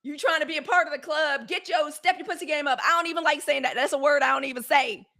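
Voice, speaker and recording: A high-pitched woman hosting a live streamed news show, talking in a loose, casual way straight to her audience. She is chatty and outspoken, and she slips easily into blunt, profane rants. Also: fairly even intonation, fast, pushed and bright. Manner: chatty, outspoken, addresses viewers as y'all and girl.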